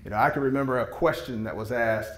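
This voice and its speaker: A man's voice: mid-range voice, quick pace, fairly bright tone. A man giving an enthusiastic, folksy sales presentation with slides to a seated audience. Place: meeting room with audience. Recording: echoey room.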